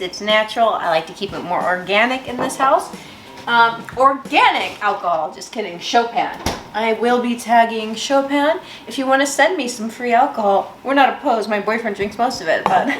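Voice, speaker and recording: A woman's voice: a little high, fairly bright tone. Bubbly woman hosting a kitchen vlog. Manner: bubbly, joking, swears casually. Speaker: host. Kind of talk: casual cooking vlog. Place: home kitchen. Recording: echoey kitchen with music.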